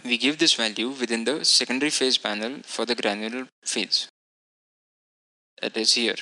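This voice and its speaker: A man narrating a technical software lecture, explaining each model setting in a methodical way and now and then correcting himself. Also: mid-range voice, steady tone, moderate pace, low-quality recording. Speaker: instructor.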